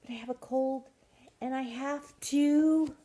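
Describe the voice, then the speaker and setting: A sniffly little storybook mouse with a cold, as a woman reads her aloud. She is small and timid, her voice rising high and squeaky when she frets. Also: steady tone, slow pace, warm tone. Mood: apologetic.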